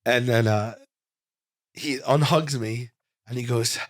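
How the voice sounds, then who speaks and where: A man in his forties, a comedian guest, telling a rambling, animated anecdote in a casual interview, full of "like.". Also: medium pitch, takes it slowly, dry recording, studio quality.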